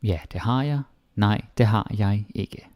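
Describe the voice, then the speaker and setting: A man from Denmark with a Danish accent, teaching Danish grammar in a casual lesson and repeating example phrases slowly. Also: fairly low pitch, a little mellow, no room sound. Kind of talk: casual online language lesson.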